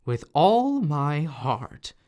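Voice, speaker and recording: A man voicing a gentle, wistful old cattle driver in his late years, in a storybook reading. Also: a little high, big pitch swings, extremely slow, full character voice. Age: older.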